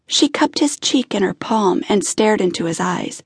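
A woman reading a romance audiobook in an expressive, intimate style. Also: medium pitch, moderate pace, few pauses, husky, no room sound, studio quality. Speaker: audiobook narrator. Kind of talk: scripted narration.

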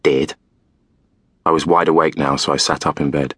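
A man narrating a novel in the first person, calm and measured. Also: rumbling low, slightly rough, no room sound, clean studio sound. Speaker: audiobook narrator.

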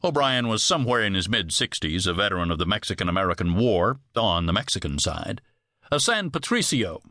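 A man reading a western novel as an audiobook narrator, measured storytelling with close studio miking. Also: lowish voice, bright, forceful tone, no echo. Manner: measured storytelling with varied voices.

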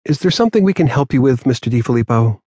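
A man's voice: mid-range voice, sing-song, normal speed, slightly rough, no echo, voice pushed up. A man voicing an irritated, no-nonsense female police detective. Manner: clipped, impatient. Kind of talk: audiobook character voice.

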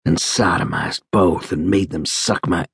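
A badly wounded young soldier, frightened and panicky, pleading through pain in a strained, raised voice well above the reader's own, as a male audiobook narrator plays him. The tone is husky and close, with no room around it. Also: medium pitch, lively intonation, moderate pace, fairly bright tone, dry recording, pitched above the performer's own voice, full character voice. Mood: mumbled prayer. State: in pain, gasping.

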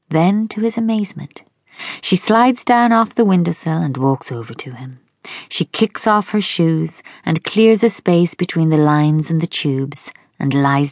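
A woman narrates an audiobook in a low, gravelly voice, soft and intimate, often sinking to a whisper. Her pace is slow and unhurried, and the recording is dry and close. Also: no echo.

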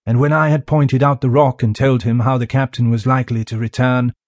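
A man's voice: mid-range voice, fairly even intonation, brisk, no room sound. Man narrating an audiobook, dry and close. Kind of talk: scripted narration of a classic novel. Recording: dry close studio sound.

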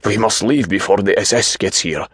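A man voicing a delusional older man who calls himself a king, speaking in slow, emphatic, agitated pronouncements. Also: fairly low pitch, fairly bright tone, husky, no echo, clean studio sound, pitched above the performer's own voice. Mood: fearful.

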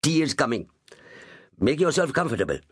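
A man's voice: a little high, big pitch swings, brisk, breathy edge, dry recording, clean studio sound, voice pushed up. A man voicing a small, polite and anxious shipping agent in an audiobook. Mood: courteous. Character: small fussy Indian shipping agent, middle-aged. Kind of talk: audiobook character voice.

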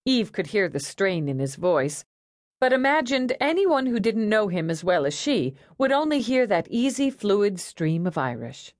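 A woman narrating an audiobook in a wry, expressive storytelling manner. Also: mid-range voice, unhurried, no echo, clean studio sound. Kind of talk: scripted narration.

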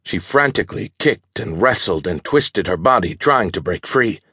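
Male audiobook narrator, steady and measured, lowish voice, dead-dry booth sound. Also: husky, no room sound. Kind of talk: scripted thriller narration.

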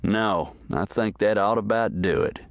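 A man voicing a hate-filled male stranger in a western audiobook, who talks haltingly with a drawl. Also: lowish voice, vocal fry, no echo, pitched above the performer's own voice.

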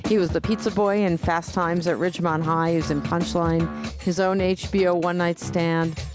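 A woman's voice: on the low side, steady tone, moderate pace. A woman host introducing a guest, listing his credits in an upbeat way. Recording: guitar music under the voice.

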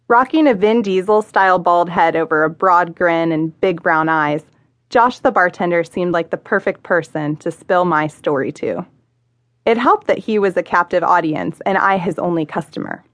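A woman reading her own memoir as an audiobook, wry and self-mocking, with lively dialogue. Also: lowish voice, normal speed, dry recording. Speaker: author narrating her memoir. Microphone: close studio mic.

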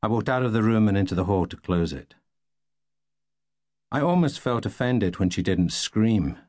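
A man reading a novel aloud in the first person, wry and deadpan. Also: fairly low pitch, normal speed, dry recording, clean studio sound. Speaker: audiobook narrator.

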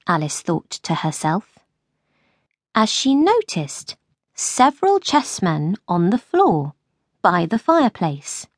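A woman reading an abridged children's classic as an audiobook narrator, with clear, lively storytelling. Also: lowish voice, takes it slowly, no echo, studio quality. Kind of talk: scripted narration.

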